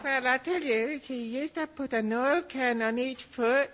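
A shrill, gossiping chatterbox drawls out his tales in a slow sing-song. It is 1950s radio comedy, heard on a dull, hissy old broadcast. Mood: gossipy.

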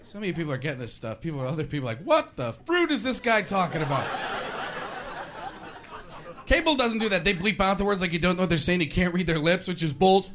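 A man doing a ranting, animated stand-up comedy set on a live stage. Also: high-pitched, rapid-fire, hardly any pauses. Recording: live club with audience noise.

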